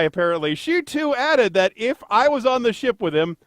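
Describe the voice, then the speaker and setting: A man's voice: sits high, sing-song, normal speed, few pauses, no echo. A man co-hosting a casual podcast, rambling and joking with lots of fillers and self-deprecating asides. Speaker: podcast co-host, traffic anchor.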